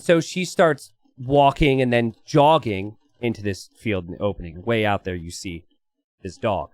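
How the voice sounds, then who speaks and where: Young man, game commentator, lively swooping voice, chatty storytelling, dry close mic. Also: medium pitch, normal speed, no room sound. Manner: animated, chatty, lots of "like" and "right?".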